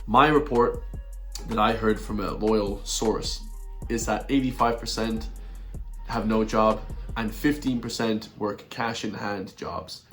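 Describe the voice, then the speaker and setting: A man's voice: on the low side, fairly even intonation, slow pace, soft background music. A man doing a blunt, repetitive rant in a video commentary, chuckling between his points. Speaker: online commentator.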